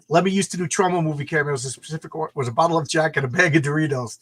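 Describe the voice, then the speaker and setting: A man's voice: on the high side, brisk, pauses often, noisy background. A man hosting a casual chat, telling an anecdote and acting out the voices of people in it. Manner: animated, acts out voices in anecdotes. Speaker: host.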